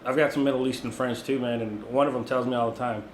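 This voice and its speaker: A Mexican-born man raised in the US, co-hosting a podcast in relaxed, laughing casual chat. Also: medium pitch, quick pace. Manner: laughing, relaxed, says dude and bro. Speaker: podcast co-host. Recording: echoey room with faint noise.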